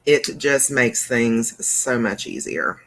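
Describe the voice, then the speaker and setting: Slow, chatty woman demonstrating crafts. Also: very deep voice, very animated, a little hiss or hum. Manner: chatty, rambling, with many fillers and restarts. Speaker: craft channel host.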